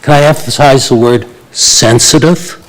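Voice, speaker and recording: A man's voice: medium pitch, unhurried, a bit bright, low-quality recording. A man, addressing a town council as a local resident, blunt and indignant, with many hesitations. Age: 80s. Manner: blunt, indignant, with frequent uh fillers. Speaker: resident speaking at a public meeting. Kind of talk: public delegation to council.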